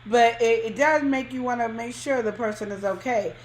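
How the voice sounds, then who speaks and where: A woman's voice: on the high side, normal speed, roomy sound, poor audio. A woman co-hosting a podcast, giving emphatic, colloquial relationship advice in casual chat. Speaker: podcast co-host.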